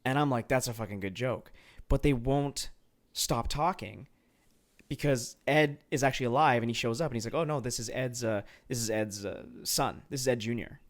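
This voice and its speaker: A man with a mid-range voice co-hosting a film podcast. He rants in an animated, exasperated tone and often stammers and restarts his sentences. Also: mid-range voice, moderate pace. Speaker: podcast co-host. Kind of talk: casual film review chat.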